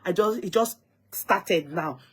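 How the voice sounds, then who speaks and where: A woman's voice: on the low side, slow pace, husky. Chatty Nigerian woman vlogger. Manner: lively, dramatic retelling, switching into Yoruba phrases. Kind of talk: casual storytelling to viewers.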